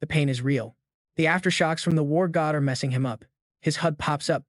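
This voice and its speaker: A man's voice: on the high side, a little fast, no echo, studio quality. A man narrating a comic-style story recap in a hyped, slang-heavy scripted manner.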